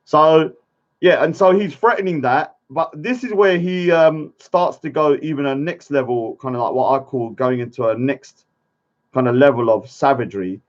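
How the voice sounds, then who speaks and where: A man talks straight to his camera in a loose, rambling way, breaking off to mutter asides. His voice sits at a middling pitch. The recording sounds dull and lo-fi. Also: moderate pace. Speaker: vlogger. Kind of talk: casual commentary to camera.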